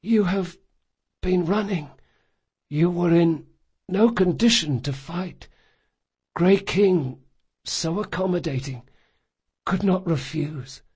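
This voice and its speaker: A man doing a dying young thief, weak and high. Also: slow, long pauses, darkish tone, husky, heavily acted. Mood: weak wry. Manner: weak, breathless, raised pitch. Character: wounded young male thief, dying, tender and wry.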